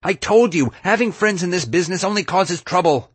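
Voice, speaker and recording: A man voicing a curt, stubborn teenage girl spy who talks in clipped shouts. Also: on the low side, lively intonation, a little fast, husky, no room sound. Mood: stern.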